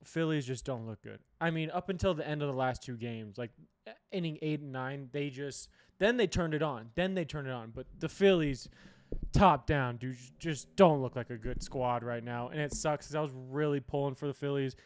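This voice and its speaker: A man's voice: medium pitch, normal speed. A young man hosting a sports show, giving rambling, opinionated and profane picks in casual chat. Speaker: sports podcast host.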